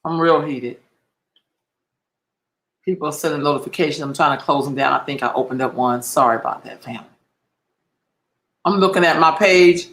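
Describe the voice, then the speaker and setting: A man with a high, bright, cutting voice delivers a fiery livestream monologue. He speaks with heat and blunt profanity, and he hammers his points through repetition. The room around him sounds hollow and echoey. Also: quick pace. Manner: heated, profane, emphatic and repetitive. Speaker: livestream host.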